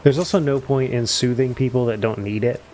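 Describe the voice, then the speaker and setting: A man's voice: mid-range voice, a little fast, darkish tone, slight background noise. A man giving casual, chatty commentary while playing a video game. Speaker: gameplay commentator. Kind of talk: casual let's play commentary.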